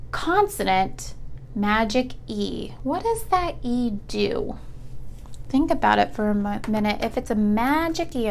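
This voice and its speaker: A young woman teaching a phonics lesson to children over video, speaking patiently and enunciating each sound clearly. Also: a little high, a little hiss or hum.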